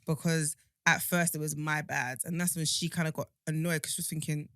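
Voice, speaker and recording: A woman's voice: low voice, little pitch movement, a little fast, a bit bright, dry recording, clean studio sound. A woman, co-hosting a podcast in casual chat, talking emphatically with many restarts. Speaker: podcast co-host.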